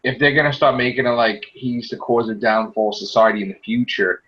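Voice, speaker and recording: A man co-hosting a podcast in casual chat, animated and joking, slipping into quoted voices. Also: medium pitch, brisk, lo-fi sound. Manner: animated, mimics people in quotes, self-described corny joker. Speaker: podcast co-host.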